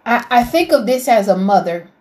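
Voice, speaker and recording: A woman's voice: a little high, very animated, moderate pace, darkish tone. A woman giving a heartfelt devotional talk, emotional and preacherly, rising to fervent appeals. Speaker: faith vlogger.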